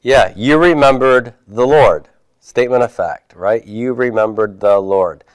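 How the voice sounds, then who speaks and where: A man's voice: mid-range voice, measured pace, smooth, dry recording. A man teaching a Hebrew class, reviewing homework and patiently asking his students questions before answering them himself.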